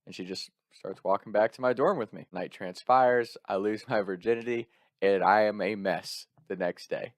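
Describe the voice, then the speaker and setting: A young man casually telling a personal story in an animated way, laughing often and swearing freely. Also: fairly low pitch, moderate pace, dry recording, clean studio sound.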